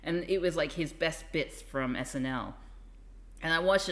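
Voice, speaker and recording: A woman's voice: deep voice, normal speed, fairly bright tone. A woman streamer chatting casually and rambling with asides. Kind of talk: casual live-stream chat.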